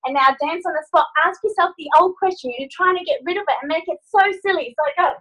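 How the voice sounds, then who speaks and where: A woman's voice: very high voice, quick pace, fairly bright tone, poor audio. A woman life coach leading a group video call from her phone, giving upbeat, playful instructions.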